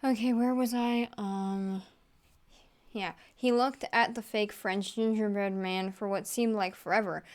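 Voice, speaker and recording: A woman reading fan fiction aloud for laughs, giggling and tossing in deadpan asides. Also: medium pitch, a little slow. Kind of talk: comedic read-aloud storytelling.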